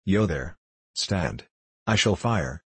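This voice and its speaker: Gruff suspicious coach guard, barking and husky, voiced by a man. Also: deep voice, animated, takes it slowly, a bit bright, dry recording, heavily acted. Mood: alarmed. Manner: barked, wary commands.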